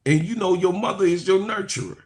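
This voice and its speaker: A man hosting a sports live stream who reads chat comments and speaks in a preacherly way, repeating phrases for emphasis and swinging from low asides to loud, high proclaiming. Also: fairly quick. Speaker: sports talk host.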